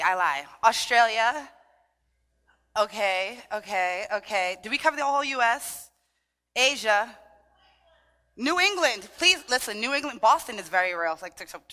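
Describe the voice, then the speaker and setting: A woman's voice: on the high side, long reverb tail. A Brooklyn-born woman with a Trinidadian lilt, leading a conference audience in a playful, sing-song way. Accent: Trinidadian-tinged New York. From Brooklyn, of Trinidadian family. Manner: sing-song, animated, playful, leads call-and-response. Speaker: dance workshop leader. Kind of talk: lively talk to a conference audience. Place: large conference hall.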